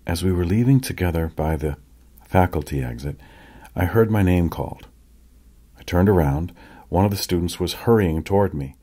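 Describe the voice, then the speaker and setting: A man narrating an audiobook in a measured, reflective first-person manner. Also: deep voice, mellow, breathy edge.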